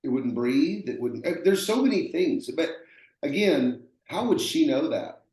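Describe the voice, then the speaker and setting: A man's voice: on the high side, sing-song, a little slow, darkish tone. A man with a Texan accent, a roofing contractor telling stories in an earnest, plainspoken way, often repeating himself. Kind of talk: conversational storytelling. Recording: echoey room.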